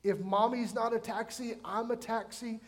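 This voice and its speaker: Pastor in his forties, light high voice, conversational sermon with emphatic bursts and questions to the room. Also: steady tone, moderate pace. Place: church sanctuary.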